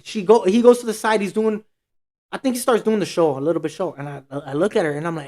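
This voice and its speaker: A man's voice: high voice, fast, darkish tone. A man co-hosting a podcast, telling a story in casual, profane slang and acting out what everyone said. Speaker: podcast co-host.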